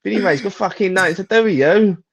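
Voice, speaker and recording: A man's voice: high-pitched, fast talker. A man co-hosting a casual football chat, trading mocking, sweary banter. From England. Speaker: podcast co-host.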